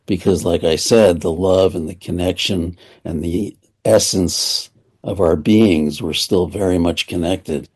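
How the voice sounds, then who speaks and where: Male author guest, very low pitch, reflective and measured. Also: fairly even intonation, a little mellow, husky. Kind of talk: conversational interview.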